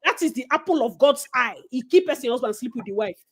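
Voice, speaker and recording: A Nigerian woman co-hosting a casual gossip chat, animated and preachy, slipping into Pidgin. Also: sits high, quick pace, husky. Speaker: co-host.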